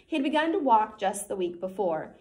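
A woman's voice: medium pitch, sing-song, brisk, a little mellow. A woman teacher reading a novel aloud to her class, voicing the dialogue and stopping to check that students understand.

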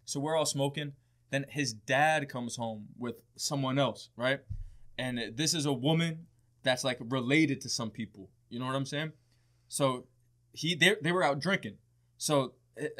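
A man's voice: mid-range voice, normal speed, a bit bright. A young man, a podcast guest, telling a wild story in casual, profane chat and often laughing.

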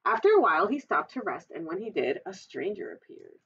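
A librarian reading a children's storybook aloud, adding chatty, giggly asides. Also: female voice, mid-range voice, very animated, a little fast, a bit bright, husky. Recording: dull, distant recording.

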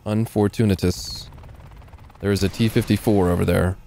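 A man's voice: lowish voice, fairly even intonation, moderate pace, vocal fry, darkish tone. A man giving casual, joking live commentary while playing a game. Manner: joking, sarcastic, laughs often. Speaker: gaming livestreamer.

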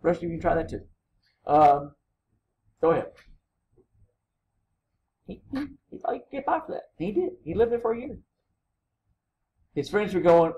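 A man's voice: a little high, animated, moderate pace, long pauses, a little mellow, highs cut off, a little hiss or hum. A man lecturing a college humanities class, telling stories casually and acting out quotes, with frequent "right?" to the students.

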